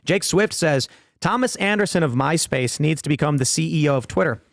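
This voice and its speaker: A man's voice: a little high, animated, a little fast, creaky, no room sound, clean studio sound. A man hosting a podcast, chatting casually with his panel, reading viewer comments aloud and often repeating words as he starts a sentence. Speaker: podcast host.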